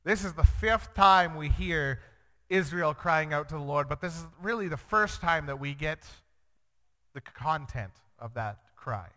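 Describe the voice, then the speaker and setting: A man, a young father, teaching through a Bible passage in an earnest way, acting out the quoted lines with sudden jumps in pitch. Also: animated, unhurried, bright, forceful tone. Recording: long reverb.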